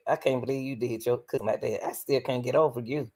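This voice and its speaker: A woman's voice: rumbling low, fairly even intonation, fast talker, warm tone. A woman hosting a livestream, commenting on courtroom footage in a casual, emphatic, incredulous way, often breaking into laughter. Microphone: livestream computer mic.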